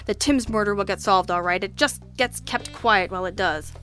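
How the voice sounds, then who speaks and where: A woman's voice: mid-range voice, moderate pace, a bit bright, lightly acted. A bellowing, sarcastic police lieutenant barks his lines in an exasperated bluster, as a woman narrator puts him on. Her voice sits around the middle for a woman, and a faint bed of music plays behind. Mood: angry, bellowing. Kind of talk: audiobook character reading.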